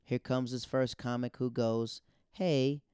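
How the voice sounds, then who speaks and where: Male stand-up comic, casual storyteller, smooth warm voice, acts out quotes. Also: mid-range voice, fairly quick, no room sound, studio quality. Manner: animated, acts out quoted dialogue. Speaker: stand-up comedian.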